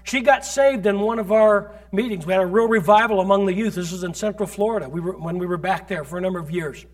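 High-voiced man preaching a sermon. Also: quick pace. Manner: emphatic preaching with loud, shouted peaks; storytelling, recounting ministry experiences. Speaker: pastor.

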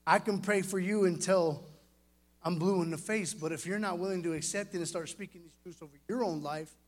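A middle-aged man delivers a sermon to young people, his voice sitting a little high for a man. He talks directly to the kids, earnest and animated, pressing each point home. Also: brisk. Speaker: youth preacher.

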